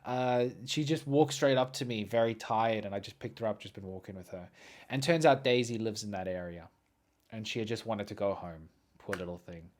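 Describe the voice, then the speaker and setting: A man hosting a podcast who tells a story casually and animatedly, jumping from loud excited bursts to quiet muttering. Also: on the low side, moderate pace. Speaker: podcast host.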